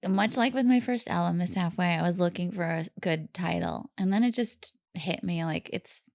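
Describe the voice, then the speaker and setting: A woman's voice: lowish voice, normal speed, a little mellow, dry recording. A woman chatting casually as a podcast guest, laughing often and full of fillers. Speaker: guest musician. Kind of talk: casual chat. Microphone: studio mic.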